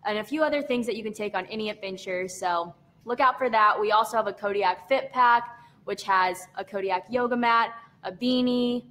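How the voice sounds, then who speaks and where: A young woman hosting a live stream, chatting warmly as she runs through prizes and picks winners. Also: medium pitch, a little hiss or hum. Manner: friendly, chatty, listing prizes. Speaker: brand event host.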